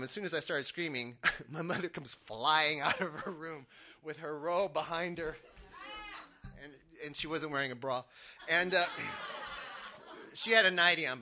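Guy telling a funny story from his childhood, really bright voice, keeps laughing at himself. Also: high-pitched. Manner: animated, chuckling through his own story. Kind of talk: personal storytelling to an audience.

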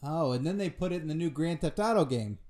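A man co-hosting a comedy podcast, trading quick, chatty banter. His voice sits a little high. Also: expressive, darkish tone. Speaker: podcast co-host.

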